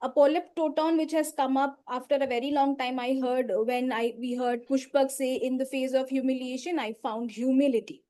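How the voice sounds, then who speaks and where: A woman in the grammarian role giving a measured, instructive report at a speaking club meeting over a video call. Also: sits high, fairly even intonation, mellow. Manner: measured, instructive, pauses between items.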